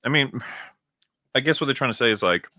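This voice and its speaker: A man's voice: medium pitch, lively intonation, a little fast, pushed and bright, no echo. A man co-hosting a casual podcast, musing about shows in a mildly exasperated way. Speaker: podcast co-host. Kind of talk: casual chat.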